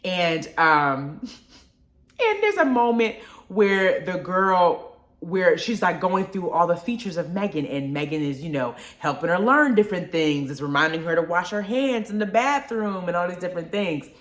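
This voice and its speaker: A young woman hosting a casual live radio show, animated and laughing often, repeating her words. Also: fairly low pitch, normal speed. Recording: roomy echo.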